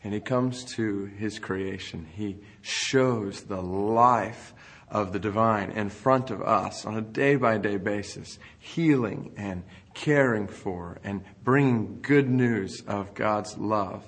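Husky-voiced man preaching a sermon. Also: on the low side, takes it slowly, a bit bright.

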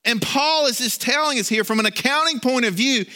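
A man's voice: very high-pitched, brisk, hardly any pauses, bright, forceful tone. A man preaching a sermon in a conversational way, often repeating words and restarting as he tells a story. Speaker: pastor.

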